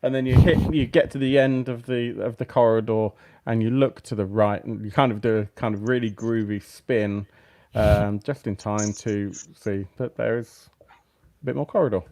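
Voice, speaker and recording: A man's voice: on the low side, fairly even intonation, moderate pace, mellow. A man running a live-streamed tabletop game as game master, setting scenes vividly and laughing along with the players.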